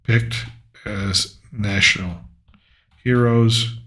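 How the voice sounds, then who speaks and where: A man's voice: on the low side, steady tone, extremely slow, fairly bright tone. A man hosting a casual political commentary show, thinking aloud and rambling as he reads through lists. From United States.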